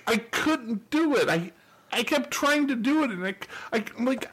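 Guy co-hosting a podcast, highish voice, tells a story all worked up, laughs at himself. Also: a little slow, breathy edge, low-quality recording. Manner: animated storytelling, acts out his own reactions; laughs often, self-mocking. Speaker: podcast co-host. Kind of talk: casual chat.

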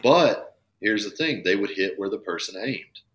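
A bowhunter appears as a guest on a casual podcast, his lowish, fairly bright voice animated at a moderate pace. He speaks earnestly and with emphasis, letting a swear word slip now and then.

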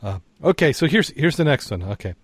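Halting man telling groaners, dry sound. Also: medium pitch, very animated, husky, dry recording. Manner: halting, repeats his words, tells groan-worthy jokes. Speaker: podcast host. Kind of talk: casual chat.

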